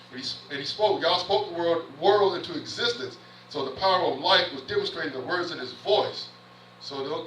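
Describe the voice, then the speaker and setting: A man's voice: a little high, bright, forceful tone, roomy sound, recorded from a distance, slight background noise, poor audio. A man, a minister in training, preaching a sermon with earnest repetitions and restarts, reading scripture aloud in between. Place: church sanctuary.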